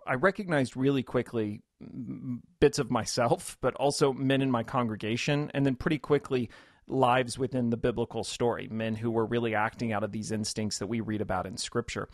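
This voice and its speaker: In a studio-quality recording with no room sound, a medium-pitched man, a pastor and author, appears as a radio interview guest. He's reflective, thoughtfully explaining scripture and voicing the quotes.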